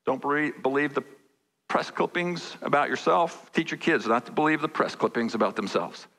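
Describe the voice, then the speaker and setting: A man's voice: fairly high pitch, moderate pace, gravelly, fairly bright tone. A man preaching a sermon as pastor, conversational and repeating phrases for emphasis. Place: large church sanctuary. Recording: church hall reverb.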